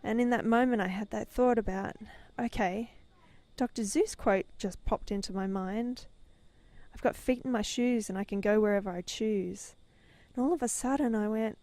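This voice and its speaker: This is a middle-aged woman with a mid-range, slightly mellow voice and fairly even intonation, talking at a moderate pace with no room sound. As a podcast host and business mentor, she retells a personal story with rising intensity, swelling dramatically at its peaks.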